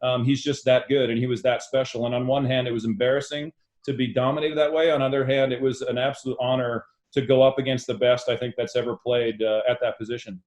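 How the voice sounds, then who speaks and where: A middle-aged man, a podcast guest, telling animated stories and acting out quoted dialogue. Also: mid-range voice, fast talker. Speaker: guest, former basketball player. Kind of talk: storytelling in a podcast interview.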